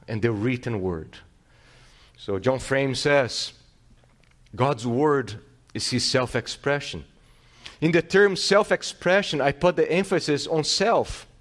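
A man pastor preaching a sermon, teaching with rhetorical questions and restarting phrases, swinging his loudness and pace for emphasis. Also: on the high side.

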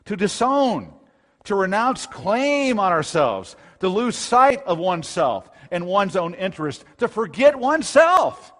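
Male pastor, slightly high voice, emphatic sermon delivery, long hall reverb. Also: sing-song, a little slow. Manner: emphatic preaching, rising to loud bursts. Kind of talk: expository sermon.

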